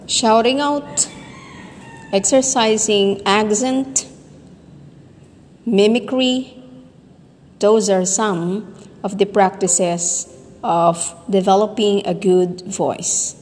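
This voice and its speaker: Slow, deliberate woman teacher in reverb. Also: mid-range voice, fairly even intonation, a little mellow. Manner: slow, deliberate, demonstrating sounds and stress. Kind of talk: recorded voice lesson. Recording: long reverb.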